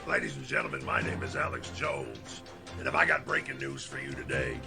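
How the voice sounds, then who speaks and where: A man doing a gravelly ranting conspiracy broadcaster. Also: mid-range voice, wildly swooping pitch, brisk, over music, exaggerated voice. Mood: bombastic. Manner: bombastic, gravelly announcing. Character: ranting middle-aged male conspiracy broadcaster. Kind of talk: impression in a voice-over demo.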